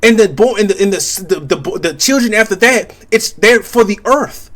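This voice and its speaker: Young male content creator with a high voice, halting and repetitive, musing aloud to his audience. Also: a bit bright. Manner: halting, many restarts, keeps asking "you see what I'm saying". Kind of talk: rambling spiritual commentary monologue.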